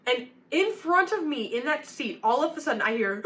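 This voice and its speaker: A young woman speaking to a youth group in a relaxed, talky sermon. Her voice is bright and clear, set a little high for a woman. She tells a story with energy and sprinkles "like" through her sentences. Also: normal speed. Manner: chatty and animated, frequent "like" fillers.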